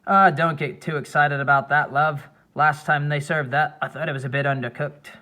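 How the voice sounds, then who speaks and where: A man's voice: on the high side, steady tone, normal speed, sharp tone. Man doing a teasing Australian bloke. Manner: teasing, mock-menacing. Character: joking Australian man, playful then sinister.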